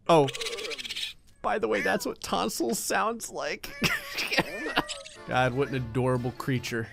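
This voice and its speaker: A man giving sarcastic, comedic commentary over a life-sim game, often jumping into silly high voices. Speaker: gaming channel host.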